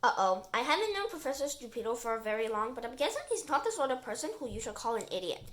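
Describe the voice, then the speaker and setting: A woman reading a children's storybook aloud with lively, expressive narration. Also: fairly high pitch, quick pace. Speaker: reader.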